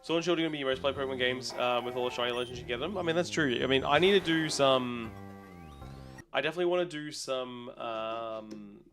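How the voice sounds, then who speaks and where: A man's voice: mid-range voice, fast, a bit bright, faint music behind. A young Australian man chatting casually on a live stream, rambling and a bit tired, with some yawning. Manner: rambling, chatty, talks to chat while resetting a game.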